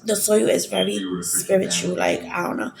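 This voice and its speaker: A woman's voice: mid-range voice, steady tone, moderate pace, vocal fry, over music. A young woman telling a personal story, rambling and repeating herself for emphasis, with lots of fillers. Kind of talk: storytelling to live viewers. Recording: crowd noise in background.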